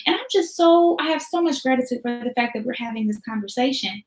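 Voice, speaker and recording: A woman's voice: a little high, expressive, fast talker, faint music behind. A woman teacher hosting a motivational talk, speaking in an emphatic, preachy style with repeated phrases and casual slang. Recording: roomy echo.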